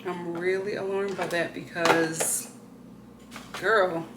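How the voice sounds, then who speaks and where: A woman's voice: fairly low pitch, little pitch movement, slow, very noisy. A woman vlogging casually at home, exclaiming and grumbling to her viewers as she unboxes something. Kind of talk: casual vlog chat. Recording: roomy echo, faint ambience.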